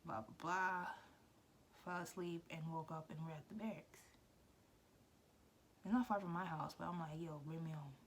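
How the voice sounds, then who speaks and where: A young woman casually telling a personal story, animated and slangy, often dropping into soft breathy asides. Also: fairly low pitch, normal speed, pauses often, a little hiss or hum.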